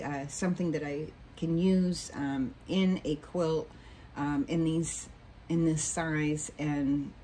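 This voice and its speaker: A woman's voice: low-pitched, a little mellow, a little hiss or hum, poor audio. A woman hosting a casual home sewing tutorial, chatty and rambling with many ums and self-corrections, recorded on a camera mic in her sewing room.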